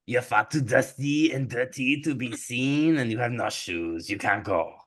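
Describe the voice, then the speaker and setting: A man's voice: medium pitch, unhurried, a bit bright. A man voicing a stern stepmother with a put-on French accent, cold and dismissive in a podcast retelling. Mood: scolding.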